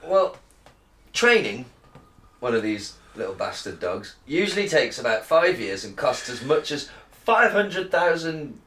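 A man's voice: mid-range voice, big pitch swings, measured pace, fairly bright tone. A man co-hosting a podcast, reading news aloud in a crude, joking way and slurring a little after a beer. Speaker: podcast co-host. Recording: roomy echo.

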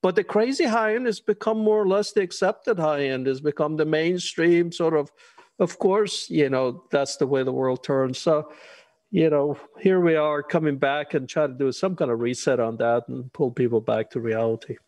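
A man's voice: on the high side, normal speed, darkish tone, no echo. A middle-aged man from Iran, a guest chatting casually and laughing often, with wry asides. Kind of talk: casual interview conversation.

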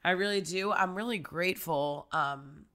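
A woman with a lowish, bright and forceful voice co-hosts a casual podcast chat. She talks in an animated, emphatic way, calling out to her listeners directly. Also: moderate pace. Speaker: podcast co-host.

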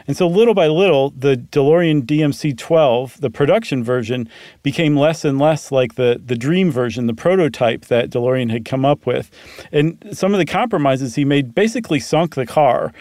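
A man's voice: medium pitch, normal speed, a little mellow, dry recording, clean studio sound. A man co-hosting a podcast, telling a story in a casual chatty way with frequent ums. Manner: conversational storytelling with frequent um fillers. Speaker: podcast co-host. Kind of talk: casual chat.

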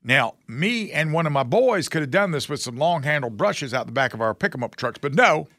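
Gravelly, sarcastic man hosting a talk show. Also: fairly high pitch, very animated, brisk, bright, forceful tone, dry recording, studio quality. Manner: sarcastic, folksy, mocking. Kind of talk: casual political commentary.

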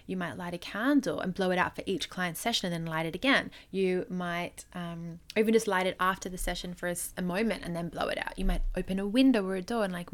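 Lower-pitched woman coaching podcast host. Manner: earnest, loose and conversational with frequent "like"; gentle, encouraging advice. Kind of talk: solo podcast talk.

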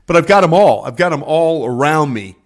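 A man's voice: fairly high pitch, expressive, fairly quick. An older man, a former scout, telling rambling stories on a video call from his home office, acting out what others said. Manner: rambling, acts out quotes in voices. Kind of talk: casual storytelling chat.

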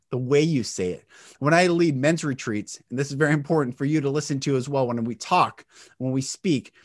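A middle-aged man hosting an inspirational spiritual talk, earnest and emphatic, swinging his pitch and loudness for effect. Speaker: podcast host and speaker.

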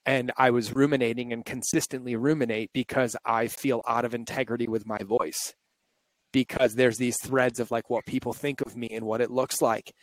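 A man's voice: medium pitch, steady tone, normal speed, no echo, poor audio. Man with a shaky, near-tearful voice. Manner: open, reflective, confessional. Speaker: podcast host. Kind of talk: candid emotional conversation.

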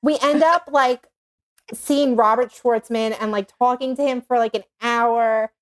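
Woman in her thirties with a New York accent, casual chatty storyteller, slightly high voice. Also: a little slow. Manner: animated storytelling with many fillers. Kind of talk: casual chat.

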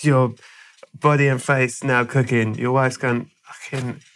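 A man's voice: mid-range voice, fairly even intonation, unhurried, fairly bright tone, a little hiss or hum. Man spinning a comic tale. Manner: playful, rambling absurd tale with stumbles. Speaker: podcast host. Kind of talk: comic storytelling in conversation.

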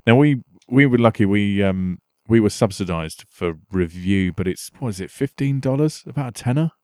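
A man's voice: on the low side, animated, moderate pace, mellow, no room sound. A man co-hosting a casual gaming podcast, enthusiastic and loose, with many fillers. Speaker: podcast co-host.

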